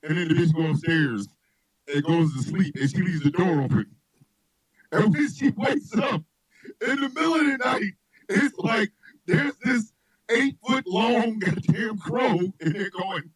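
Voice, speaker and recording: This man hosts a radio show and spins rambling comic stories in a high voice that swoops up and down. He laughs a lot and shouts whenever a story peaks. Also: a little slow, husky, poor audio. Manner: loud, laughing, animated storyteller who shouts punchlines. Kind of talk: loose comedic chat with storytelling.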